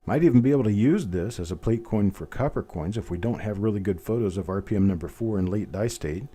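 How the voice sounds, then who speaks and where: A man's voice: on the low side, expressive, fast, warm tone. A man in his fifties with a general Midwestern accent, hosting a live coin-hobby stream in a chatty, folksy way with rambling asides. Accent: general Midwestern American. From American Midwest. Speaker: coin hobby livestream host. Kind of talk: live unboxing commentary.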